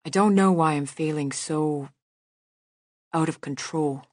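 A woman reading the part of a tired woman leader who feels uneasy, in a soft, subdued voice. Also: low voice, a little slow, no echo, clean studio sound. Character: weary woman leader, a high priestess, uneasy.

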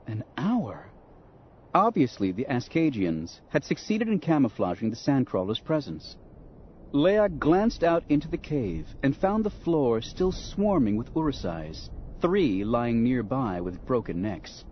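A man's voice: mid-range voice, a little slow, slight background noise. A man narrating an audiobook dramatically, voicing characters along the way. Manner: expressive, acts out voices. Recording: dull lo-fi audio with faint music.

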